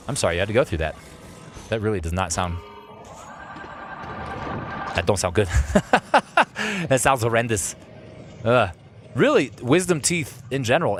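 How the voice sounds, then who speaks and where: A man's voice: lowish voice, slight background noise. Young guy doing live game commentary, goofy and chatty, voice bouncing all over the place. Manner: playful, animated, jokes with chat. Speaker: let's play streamer. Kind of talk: live-streamed gameplay commentary.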